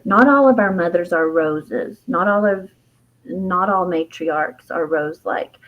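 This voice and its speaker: A woman's voice: fairly low pitch, poor audio. Heartfelt woman telling a personal story. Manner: heartfelt, reflective, frequent fillers and soft laughs. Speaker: guest, herbalist and author.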